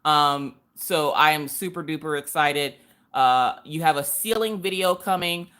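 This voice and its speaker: A woman hosts a relaxed live craft stream. Her voice sits a little low for a woman. She chats along, greets viewers by name, and laughs often. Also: a little slow, clear, resonant tone. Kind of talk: casual live-stream chat.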